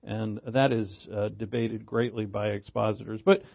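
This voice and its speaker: A man's voice: on the low side, steady tone, moderate pace, creaky, phone-quality sound. A man teaching a Bible passage in a casual, conversational way, often checking in with "right?". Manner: conversational, frequent "right?" check-ins, restarts. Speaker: preacher.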